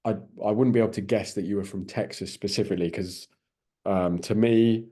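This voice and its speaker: A man's voice: fairly low pitch, steady tone, brisk, mellow, slightly rough. A British man interviewing, polite and hesitant with many ums. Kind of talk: casual interview.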